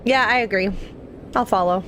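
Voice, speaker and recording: A woman's voice: medium pitch, normal speed, a bit bright, a little hiss or hum. A woman playing in a tabletop game over voice chat, asking questions and checking the map. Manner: questioning, unsure. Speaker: player.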